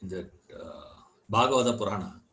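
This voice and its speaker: A man teaching a scripture class, unhurried, repeating words and filling gaps with "you know". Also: on the low side, a bit bright, rough recording. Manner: chants Sanskrit verse. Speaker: Vedanta teacher.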